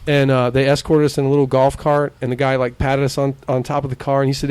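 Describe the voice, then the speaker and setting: A man's voice: medium pitch, quick pace, hardly any pauses, clean tone, dry recording. A man from Arizona, co-hosting a podcast, telling a story casually and acting out the people in it, swearing freely. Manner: animated, acts out quoted voices, swears freely. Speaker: podcast co-host.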